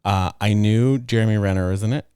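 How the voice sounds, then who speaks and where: Male co-host, playful teaser, low voice, dry close-miked podcast sound. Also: dark tone, clean tone, no echo. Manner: chatty and teasing, quick to laugh along. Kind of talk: casual chat.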